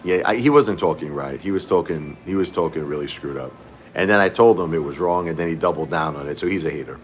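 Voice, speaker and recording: A middle-aged man with an extremely low voice hosts a livestream from a fast-food restaurant. He rambles casually to his chat, repeats himself, and addresses viewers by name.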